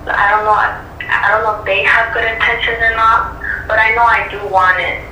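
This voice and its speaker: A woman calling into a tarot reading, hesitant and apologetic, speaking in halting phrases. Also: fairly high pitch, level tone, sharp tone, echoey room, recorded from a distance, slight background noise, poor audio. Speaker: caller. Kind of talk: call-in tarot client.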